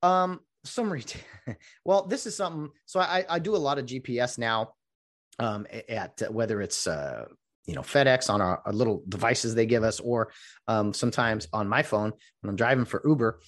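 A man's voice: medium pitch, normal speed. A middle-aged man in a casual, rambling monologue, full of jokey asides.

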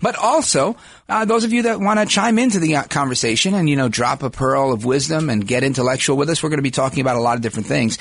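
A man's voice: medium pitch, fast talker, fairly bright tone, husky, no room sound. A male talk radio host of Puerto Rican descent, delivering a brash, self-assured monologue in a studio. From United States, Puerto Rican descent. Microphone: studio microphone.

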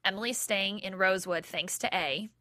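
A woman's voice: medium pitch, moderate pace, sharp tone, no room sound, clean studio sound. A young woman co-hosting a casual fan chat, bubbly and giggly. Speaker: co-host of a fan recap show. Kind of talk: casual chat recapping a TV episode.

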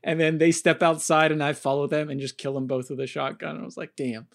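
Low-key chuckling man. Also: little pitch movement, fast talker, gravelly. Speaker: podcast co-host. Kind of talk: casual gaming chat.

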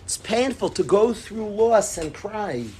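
Guy teaching a torah class, really fired up, says everything twice, loud then quiet. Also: high voice, lively intonation, slow, a little hiss or hum. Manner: emphatic, repetitive, swings from loud to hushed. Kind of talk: impassioned religious class talk.

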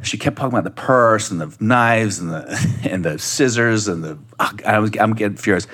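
A man, a guest on a podcast, telling a personal story in a casual, animated way and acting out the voices he quotes. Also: on the low side, moderate pace.

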